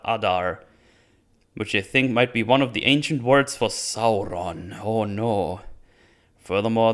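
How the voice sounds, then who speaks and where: A man's voice: lowish voice, clear, resonant tone. Sarcastic rambling male reviewer. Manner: sarcastic, rambling, laughs often. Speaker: video reviewer. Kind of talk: casual commentary.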